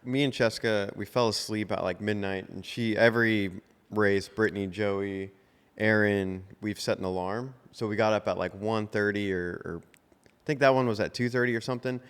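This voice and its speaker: A man's voice: on the low side, steady tone, normal speed, a bit bright, smooth. A man co-hosting a podcast in casual chat, telling stories in a rambling way full of fillers. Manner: rambling, filler-heavy storytelling. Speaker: podcast co-host. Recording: long hall reverb.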